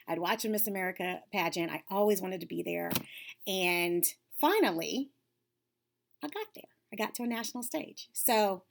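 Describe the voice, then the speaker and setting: A woman's voice: mid-range voice, vocal fry. A woman giving an upbeat, encouraging talk to young girls, coaching them and dropping to a whisper for emphasis. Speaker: lead facilitator for girls' self-esteem class.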